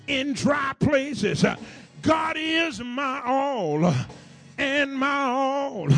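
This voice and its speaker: A man's voice: extremely high pitch, a bit bright. A man preaching a sermon, fervent and rhythmic, with repeated phrases and call-and-response to the congregation.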